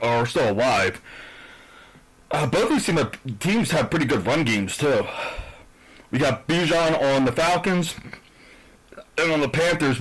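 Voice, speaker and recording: A man's voice: medium pitch, a bit bright, poor audio. A man from New Jersey hosting a sports picks channel, ranting in a profane, aggressive, heated way. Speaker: YouTube sports channel host.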